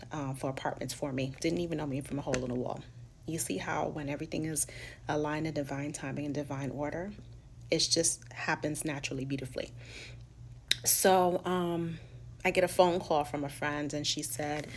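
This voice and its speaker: Vlogger, female, New York accent, low gravelly voice, frank and profane storytelling, faint room hum. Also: steady tone, moderate pace. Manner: candid and profane, acts out quoted people in a high voice. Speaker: vlogger sharing her life story. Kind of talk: casual storytelling monologue.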